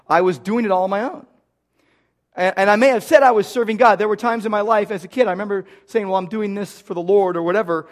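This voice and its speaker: Man, middle-aged, pastor, sermon, high voice, earnest, repeats phrases for emphasis. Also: normal speed. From United States.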